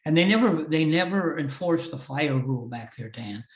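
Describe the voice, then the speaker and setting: A man's voice: on the high side, animated, normal speed. An older man from Iowa, a former wrestling champion, telling a heartfelt story in a podcast interview, with frequent restarts. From Iowa, USA. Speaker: guest, former wrestling champion and motivational speaker. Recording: roomy, distant, slightly dull audio.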